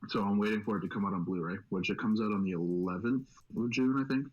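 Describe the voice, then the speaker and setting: Swearing, excitable young man. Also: fairly low pitch, quick pace, dull audio. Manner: profane, excitable, rambling. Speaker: podcast host. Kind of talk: casual chat.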